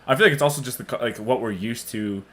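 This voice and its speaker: A man's voice: mid-range voice, quick pace, a bit bright. A man on a casual podcast, talking frankly and rambling with lots of filler words. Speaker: podcast co-host.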